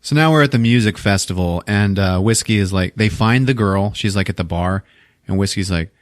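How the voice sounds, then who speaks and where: A man's voice: on the low side, brisk, no room sound, clean studio sound. A man hosting a podcast, casually retelling a movie plot with lots of laughing and swearing. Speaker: podcast host.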